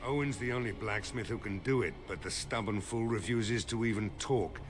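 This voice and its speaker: An actor playing a blunt, weary village mayor in a fantasy video game. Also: male voice, on the low side, normal speed, over music, close to an everyday voice. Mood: grim. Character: grim weary middle-aged male village mayor.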